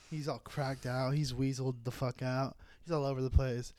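A man's voice: mid-range voice, level tone, moderate pace, darkish tone, no room sound, studio quality. A young man from the Bay Area, a comedian co-hosting a podcast, telling a long, profane, rambling story in casual chat. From San Francisco Bay Area. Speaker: podcast co-host and stand-up comedian. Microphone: close podcast mic.

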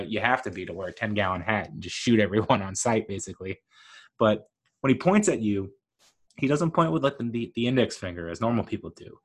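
Speaking in a lowish register, this man rambles through an informal, excited review of a TV show, his talk peppered with "uh" and "like."

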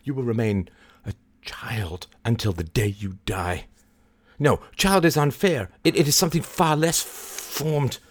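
A man voicing an agitated young gentleman who talks in an anguished, stammering, reproachful way. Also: mid-range voice, unhurried, husky, voice pushed down.

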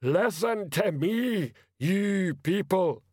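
Man doing a slow, bellowing troll sergeant. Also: fairly high pitch, no echo, studio quality, voice pushed up. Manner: slow, loud, laborious. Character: huge slow-witted male troll sergeant.

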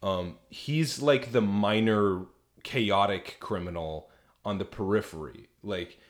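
A man's voice: lowish voice, slow. Crude, chatty male podcast co-host. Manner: crude, animated storytelling with many fillers. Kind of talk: casual chat.

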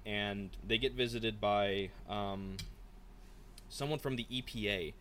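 A man co-hosting a casual book podcast, rambling and animated, slipping into quick impressions of characters. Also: fairly low pitch, slight background noise. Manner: rambling, animated, mimics characters mid-story. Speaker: podcast co-host.

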